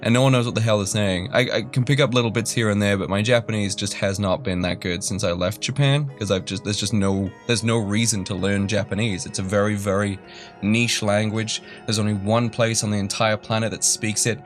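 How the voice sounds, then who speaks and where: A young man tells a story in a casual, rambling way, laughing at himself and circling back on his sentences. His voice sits a little low. Soft music plays quietly underneath. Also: steady tone, fairly quick. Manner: rambling, self-deprecating, many fillers and restarts. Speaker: YouTuber.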